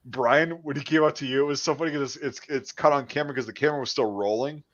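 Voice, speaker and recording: A man casually chatting as a podcast host, swearing often and trailing off into quiet mumbles. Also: medium pitch, fast talker, lo-fi sound. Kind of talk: casual chat.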